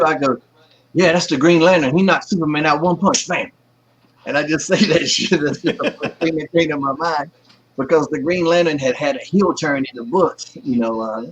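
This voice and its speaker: A pro wrestler in his forties, appearing as an interview guest over a video call from home, tells casual anecdotes and acts out the people he quotes. His voice is mid-range and he's a lively storyteller. Kids and a pet are nearby, and the audio is slightly muffled, husky and lo-fi.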